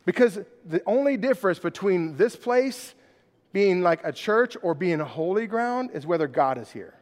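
A man's voice: high voice, lively intonation, normal speed, darkish tone, in a large hall. A middle-aged man, preaching a conversational sermon in a church and often checking in with "right?". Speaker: pastor. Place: church hall.

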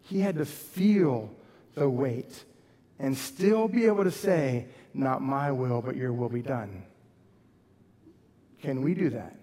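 A man's voice: medium pitch, slow pace, long pauses, warm tone, long reverb tail. A man preaching a sermon as pastor, earnest, rising and dropping his voice for emphasis. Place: church sanctuary.

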